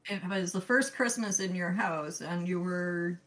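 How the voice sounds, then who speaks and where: Woman, casual chat, low voice, quiet reminiscing, understated. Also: a little slow, rough recording.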